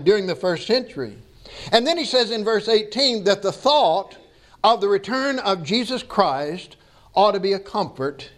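A man preaching a sermon to his congregation, reading scripture and then joking with the people in a folksy way. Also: high voice. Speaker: pastor. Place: church sanctuary.

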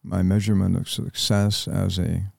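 Older man, American, very deep voice, gravelly, halting reflective interview talk. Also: level tone, dry recording, clean studio sound. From United States. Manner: halting, reflective, with many pauses. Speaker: interview guest, Vietnam veteran.

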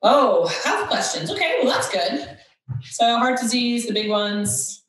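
A woman's voice: a little high, very animated, measured pace, a bit bright. A woman host chatting casually and reading quiz questions aloud with sarcastic asides. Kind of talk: casual chat. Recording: echoey room, somewhat far from mic.

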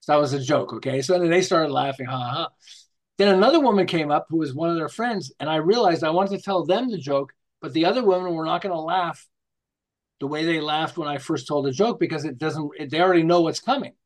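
Animated man, higher-pitched storyteller. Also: quick pace. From United States. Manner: animated, acts out quotes and scenes; rambling with restarts, tells jokes. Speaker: guest, marketing author. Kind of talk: storytelling interview.

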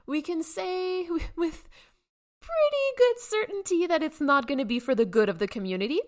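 A woman's voice: extremely high pitch, animated, moderate pace. A woman co-hosting a podcast, explaining her points in a casual way and often checking in with "right?". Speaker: podcast co-host.

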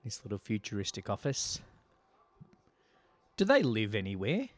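A man's voice: lowish voice, wildly swooping pitch, moderate pace, no room sound. A man chatting casually and making wry jokes while watching a movie with a friend. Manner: wry, joking asides. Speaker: movie commentator. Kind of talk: casual movie commentary chat.

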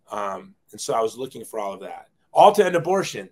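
A man's voice: on the low side, very animated, a little fast, hardly any pauses. A man in his forties, a guest telling his life story in a casual, self-deprecating way, often acting out quoted dialogue.

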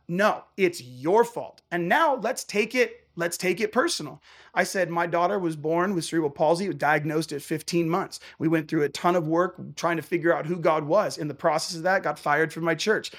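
A man's voice: fairly high pitch, breathy edge. A man, a traveling worship musician, telling a passionate faith story and acting out the back-and-forth of a conversation. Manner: animated, acts out dialogue in quick bursts.

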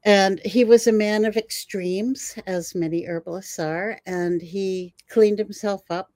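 An older woman, a herbalist guest, telling animated stories in a conversation and laughing often. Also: mid-range voice, unhurried, dry recording. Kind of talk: storytelling in a conversation.

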